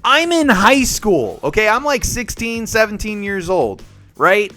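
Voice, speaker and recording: A young man with a high, bright, bouncy voice tells his livestream viewers a story, very animated but a little slow, acting out the people in it. Soft music plays in the background of this casual storytelling chat.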